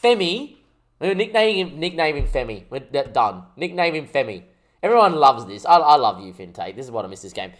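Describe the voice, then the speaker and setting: A young man hosting his gaming channel, chatting casually and jokily as he thinks out loud over gameplay. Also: on the high side, very animated, a little fast. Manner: rambling, jokey, thinks aloud while playing.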